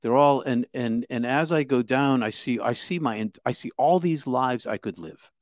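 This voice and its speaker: A man recounts his experience in a halting, stop-start way, often repeating his first words before going on. His voice sits at an ordinary pitch. The sound is dry and close, with little room in it. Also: dry recording. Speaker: guest telling his story. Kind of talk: casual spoken storytelling.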